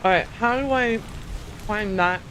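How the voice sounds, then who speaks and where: A woman streaming a game, talking herself through each step in a chatty, puzzling way. Her voice sits at an everyday middle pitch, with a faint hiss of room ambience behind her. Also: unhurried, fairly bright tone, low-quality recording. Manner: thinking aloud, puzzling things out, chatty. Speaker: streamer playing a video game. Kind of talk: casual game commentary.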